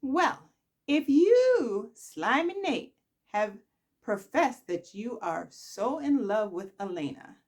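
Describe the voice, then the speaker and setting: A woman's voice: on the high side, big pitch swings, slow, darkish tone. A woman hosting a casual soap-opera recap, chatty and sassy as she tells the story.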